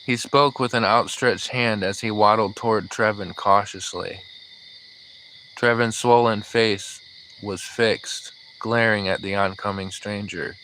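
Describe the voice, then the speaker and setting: A man narrating an audiobook in a measured, even storytelling manner. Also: lowish voice, a little hiss or hum, poor audio. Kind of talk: scripted narration.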